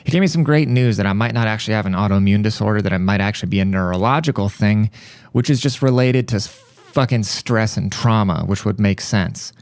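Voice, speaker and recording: A young man hosting a podcast, telling a story in a rambling, profane, animated way. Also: fairly low pitch, fairly quick, clear, resonant tone, dry recording. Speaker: podcast host. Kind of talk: casual monologue.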